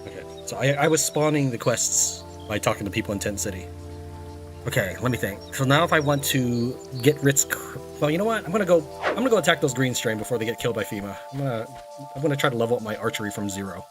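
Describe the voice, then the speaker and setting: A man's voice: medium pitch, lively intonation, fast, over music. A man chatting casually while playing a co-op game, explaining the mechanics and teasing his friends. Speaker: game player. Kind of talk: casual co-op gaming chat.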